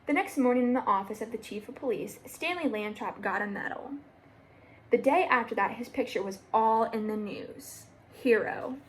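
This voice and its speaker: A young woman reading a children's book aloud in a steady, plain storytelling voice. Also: fairly high pitch, moderate pace, slight background noise, rough recording. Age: young adult. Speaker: storybook reader.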